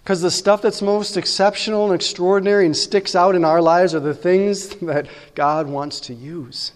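A man's voice: sits high, steady tone, normal speed, in a large hall. A man preaching a sermon as pastor, talking conversationally and often asking his listeners "right?".

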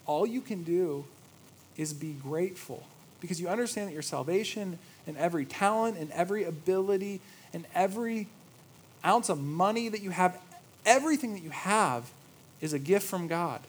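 Man preaching, from hushed awe to brisk stories. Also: high-pitched, breathy edge, poor audio. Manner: storytelling, swings from hushed awe to lively anecdote. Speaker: pastor. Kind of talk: sermon.

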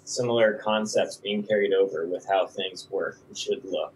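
A man's voice: sits low, moderate pace, a little hiss or hum, low-quality recording. A man chatting casually about making videos, rambling with frequent restarts and laughs. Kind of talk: casual conversation.

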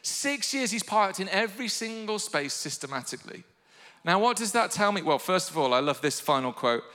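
A man preaching a sermon with passion, sometimes rising to shouted calls to his listeners. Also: sits high, big pitch swings, moderate pace, big-room sound. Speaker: pastor.

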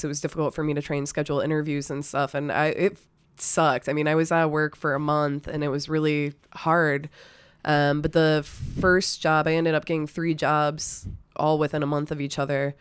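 Smooth-voiced woman, hesitant storyteller. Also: sits low, dry recording. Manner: hesitant, full of "like" and "um". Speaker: podcast co-host. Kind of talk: casual podcast chat, telling a personal story.

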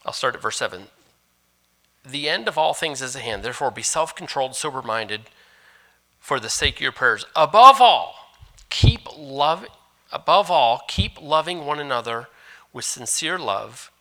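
A man preaching a sermon as pastor, animated, moving between loud emphasis and hushed asides. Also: mid-range voice, a little slow.

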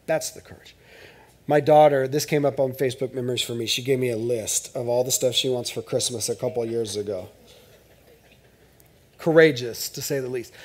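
Joking pastor with a higher voice. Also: male voice. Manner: conversational and joking, swinging from loud to hushed. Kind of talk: sermon. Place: church.

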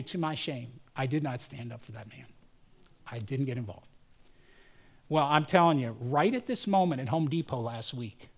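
A pastor delivering a sermon in a church, a man with a somewhat high voice. He tells stories in a relaxed, conversational way and slips into the voices of the people he quotes. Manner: storytelling, acts out quoted voices.

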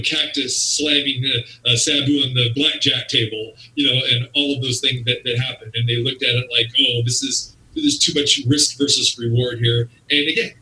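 A man's voice: medium pitch, bright, forceful tone, recorded from a distance. A man being interviewed, telling stories in a rambling way full of "you know" and "again". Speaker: guest. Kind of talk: casual storytelling. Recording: echoey room, off-mic.

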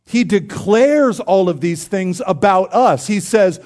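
A man's voice: sits high, expressive, measured pace, hardly any pauses, a little mellow. A man preaching a sermon as a pastor. He speaks in an earnest, conversational way, tells stories with humor and acted-out dialogue, and builds to emphatic declarations.

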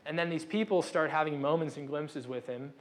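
Young male pastor, casual conversational sermon, slightly higher voice, self-interrupting, acts out the dialogue. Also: fairly quick.

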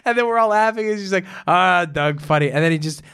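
A man's voice: high voice, rapid-fire, clear, resonant tone. A young man telling a rambling college story in casual chat, full of "like" and acted-out dialogue. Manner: rambling, animated storyteller with lots of "like".

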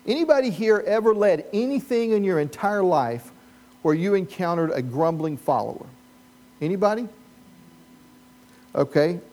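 A pastor with a notably high voice preaches a sermon full of animated humor. He riffs on the story and throws questions to the congregation.

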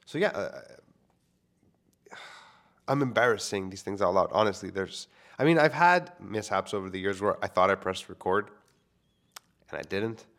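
Man, young adult, slightly low voice, casual monologue, candid, self-deprecating, swears a lot, close microphone. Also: animated, moderate pace, long pauses, fairly bright tone. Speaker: filmmaker. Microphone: studio microphone.

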